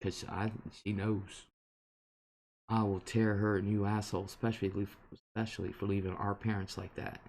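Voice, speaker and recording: A man's voice: on the low side, level tone, normal speed, a little mellow, a little hiss or hum. A man hosting a casual live stream, answering viewer comments and rambling on with indignation. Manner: rambling and indignant, with frequent fillers. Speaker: host reading viewer comments.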